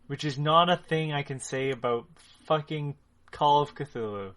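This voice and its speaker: A man's voice: a little high, normal speed, a bit bright. A man co-hosting a casual gaming podcast over a remote call, joking, swearing freely and laughing at his own remarks. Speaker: podcast co-host. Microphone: remote call mic.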